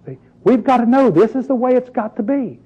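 A man's voice: very high-pitched, fairly quick, husky, lo-fi sound. A man preaching a sermon in a conversational, emphatic way, full of rhetorical questions.

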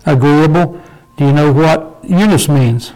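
An older man leads an informal Bible study with a folksy, homespun manner, often pausing to check in with his small group. His voice sits a little on the high side for a man. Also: a little mellow, low-quality recording. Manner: folksy, asks the group "okay?" and "did we?".

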